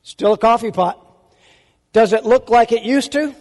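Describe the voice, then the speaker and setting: A male pastor preaches with emphatic force, firing rhetorical questions at his listeners. His voice sits very high, and the sound rings out with a long reverb. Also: normal speed, darkish tone. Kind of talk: sermon.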